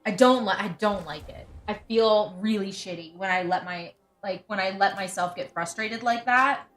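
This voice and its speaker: This livestream host, a woman in her thirties, speaks at a normal speed with a medium, slightly bright voice. Her casual chat is full of frustrated venting and frequent restarts, heard against a roomy echo with faint background music.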